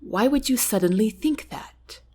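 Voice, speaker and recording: A woman voicing a calm, kind young prince in an audiobook, speaking softly and earnestly. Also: on the high side, unhurried, breathy edge. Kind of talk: audiobook character reading.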